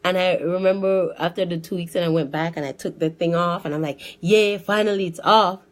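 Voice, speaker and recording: A woman giving a personal testimony in a lively storytelling way, often restarting her sentences and acting out what others said. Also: fairly low pitch, fairly quick.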